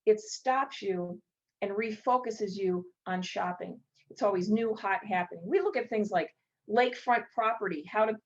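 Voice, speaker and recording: Brief: woman retail speaker, a touch high, animated storyteller, muffled lo-fi sound. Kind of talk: speaker showcase presentation.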